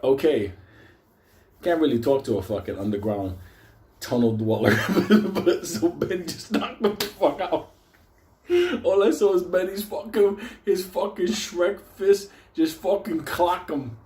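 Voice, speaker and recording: Man, New York accent, swearing storyteller, mellow voice, echoey room. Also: high voice, unhurried. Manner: swears constantly, gets loud and animated at the scary parts. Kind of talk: profane comic storytelling.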